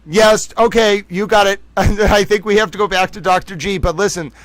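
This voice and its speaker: A man's voice: sits high, fairly even intonation, normal speed, fairly bright tone, no room sound, rough recording. A man hosting a livestream, reading viewer comments aloud and riffing in a playful, rambling way. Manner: playful, rambling, jokey asides to chat. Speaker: livestream host.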